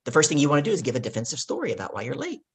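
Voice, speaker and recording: A woman's voice: deep voice, wildly swooping pitch, very fast, breathy edge. A woman guest and leadership coach in an interview, telling stories with emphatic, teaching delivery. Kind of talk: casual interview talk.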